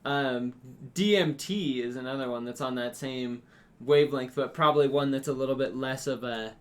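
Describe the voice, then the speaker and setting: A man's voice: mid-range voice, moderate pace. Laid-back male podcast host. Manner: laid-back, swearing, fillers like "um" and "I mean". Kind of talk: casual chat.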